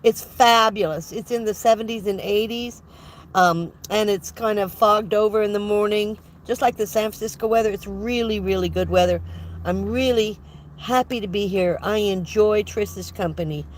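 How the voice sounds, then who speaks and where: A woman's voice: mid-range voice, steady tone, moderate pace, a little hiss or hum. An older woman chatting casually on a livestream from her van, congested with a head cold, rambling and laughing often as she greets viewers. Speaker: van life vlogger hosting a livestream.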